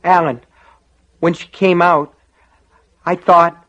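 A man's voice: high-pitched, little pitch movement, slow, a bit bright, voice pushed up. A man doing a small-voiced, shocked deputy. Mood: shaken. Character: shaken male deputy, nervous and guilty. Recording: dull lo-fi audio.

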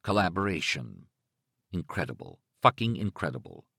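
A man voicing a menacing male villain who speaks in a slow, teasing drawl. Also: sits low, wildly swooping pitch, gravelly, bright, forceful tone, slightly rough, dry recording, clean studio sound, heavily acted. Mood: taunting.

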